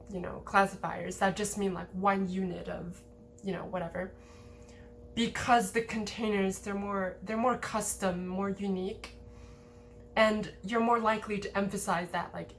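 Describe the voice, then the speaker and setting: A woman's voice: medium pitch, a bit bright, a little hiss or hum. A woman giving a casual lesson over slides, explaining in a chatty way with many fillers. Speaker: language teacher.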